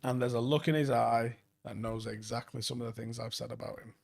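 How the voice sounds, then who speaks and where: A man's voice: medium pitch, steady tone, brisk, gravelly. A man in his forties hosting a late-night football live stream, chatting loosely, reading out viewer comments and swearing freely. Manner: swears a lot, rambling and enthusiastic.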